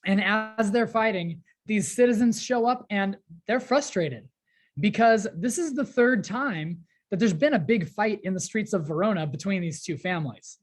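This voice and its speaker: A woman's voice: mid-range voice, moderate pace. A woman teacher casually explaining a play, paraphrasing lines in chatty modern slang.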